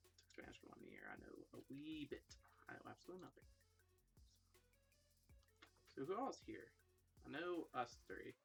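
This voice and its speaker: A man's voice: mid-range voice, wildly swooping pitch, normal speed, creaky, pauses often, fairly bright tone, faint music behind. A young man hosting a casual livestream, rambling and joking about himself as he chats with viewers. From Ireland. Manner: self-deprecating, rambling, jokey. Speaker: livestream host. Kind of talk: casual live chat with viewers.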